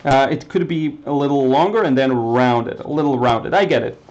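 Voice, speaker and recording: A man from Israel, Hebrew speaker, teaching watercolor live and chatting with viewers in a relaxed way with many fillers. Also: medium pitch, normal speed, muffled recording, slight background noise. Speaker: watercolor painting instructor. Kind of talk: live-stream painting demo, reading chat.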